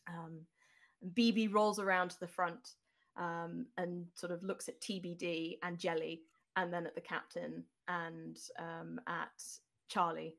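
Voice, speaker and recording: A woman's voice: lowish voice, little pitch movement, a little slow, creaky, fairly bright tone. A woman narrating a tabletop role-playing game as game master, descriptive with frequent ums.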